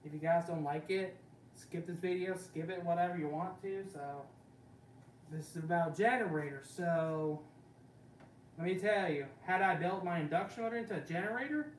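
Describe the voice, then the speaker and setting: A man's voice: sits high, moderate pace. A young man hosting a casual vlog, rambling and repeating fillers like "so" and "guys" over and over. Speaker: channel host. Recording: echoey room with faint background hum.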